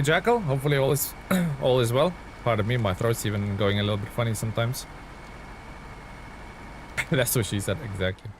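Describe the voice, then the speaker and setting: A man's voice: fairly low pitch, gravelly, a little hiss or hum. A man streaming a truck game live, chatting casually with his viewers as he plays. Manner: chatty, greets and thanks chat while playing. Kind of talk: live gameplay commentary.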